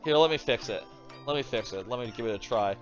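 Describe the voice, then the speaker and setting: A man's voice: mid-range voice, fast, soft background music. A man casually commentating a video game stream from his home desk, rambling and thinking aloud, swearing now and then. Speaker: streamer playing video games. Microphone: desk microphone.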